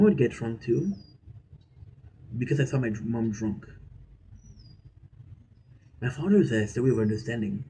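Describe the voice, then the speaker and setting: A man's voice: fairly low pitch, vocal fry, dark tone, slight background noise, poor audio. A man streaming a game and telling stories in a casual, rambling way, repeating his phrases and swearing casually. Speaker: gaming streamer. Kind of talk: casual storytelling while gaming.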